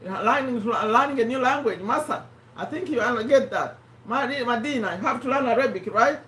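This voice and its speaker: A woman's voice: on the high side, a little fast, fairly bright tone, recorded from a distance. Woman hosting a live stream, voice strained and failing, chatty, in a roomy space away from the mic. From Uganda. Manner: chatty, addresses viewers by name, repeats points. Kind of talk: casual live-stream chat.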